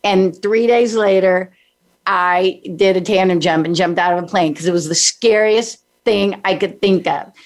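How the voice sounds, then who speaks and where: A woman's voice: medium pitch, normal speed. A woman from San Diego, a podcast guest, telling a motivational story and acting out her own inner dialogue.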